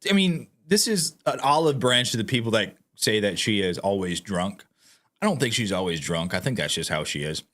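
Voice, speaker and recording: A man with a bright, ringing voice delivers sarcastic commentary and speaks straight to his viewers. His pitch swings widely and he sounds animated throughout. It has the easy, casual feel of a vlog. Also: moderate pace. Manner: sarcastic, mocking; animated, addresses viewers directly. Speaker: political commentator.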